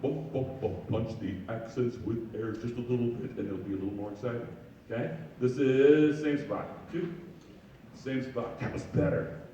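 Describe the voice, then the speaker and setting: A man's voice: mid-range voice, normal speed, muffled recording. Man coaching a band in an echoey hall. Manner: sings parts aloud, counts off the band; animated and encouraging. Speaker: band director. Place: large echoey rehearsal hall. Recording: echoey hall, distant mic, noisy.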